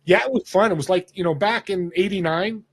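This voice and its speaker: A man's voice: sits high, fairly quick. A man in his fifties from Northern California, a podcast guest telling a story and acting out the voices of people he quotes. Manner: animated storyteller who acts out quoted voices. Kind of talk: casual storytelling interview.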